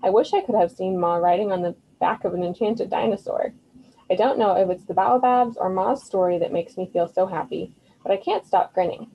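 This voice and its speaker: A woman's voice: mid-range voice, brisk, muffled recording. A woman teacher patiently reading a children's novel aloud to her students. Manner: patient, clear instructional reading.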